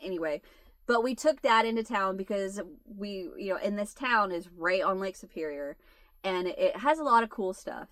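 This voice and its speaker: A woman's voice: mid-range voice, animated, normal speed, fairly bright tone, dry recording. A woman in her forties telling a long funny family story to her viewers in casual chat, laughing her way through it. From United States. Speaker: channel host.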